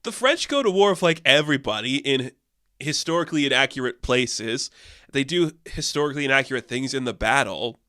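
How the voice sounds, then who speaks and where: A man casually reviewing a movie, loose and profane, full of "like" fillers, jumping up in pitch when incredulous. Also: animated, brisk, bright, forceful tone, no echo, clean studio sound.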